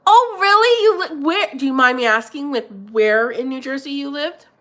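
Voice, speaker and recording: A middle-aged woman with a stuffy nose hosting a casual livestream, chatting with her viewers and greeting them warmly by name. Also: high voice, normal speed. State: congested, blowing her nose. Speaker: livestream host reading viewer chat.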